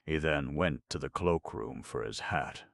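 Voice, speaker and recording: Deep-voiced man for measured audiobook narration, gravelly texture. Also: a bit bright, no echo, clean studio sound. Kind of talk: scripted narration.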